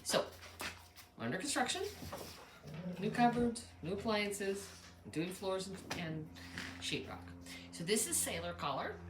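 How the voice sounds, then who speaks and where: A woman's voice: medium pitch, expressive, measured pace, pauses often, echoey room, noisy background. A woman breeder talking casually over videos of her dogs, chatty and cooing at the puppies. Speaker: dog breeder. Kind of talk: casual narration over home dog videos. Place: home kitchen under construction.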